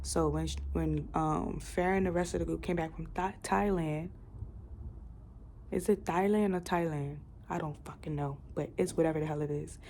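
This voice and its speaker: Gravelly low-voiced woman chatting. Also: fairly even intonation, moderate pace, darkish tone, a little hiss or hum. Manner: chatty, rambling retelling with fillers and swearing. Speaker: book reviewer. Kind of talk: casual book review chat.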